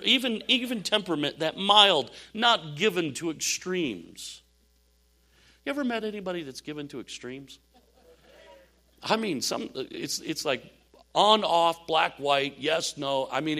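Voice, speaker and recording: An older man preaching a sermon, telling animated stories with laughs and asides. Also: fairly high pitch. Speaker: pastor.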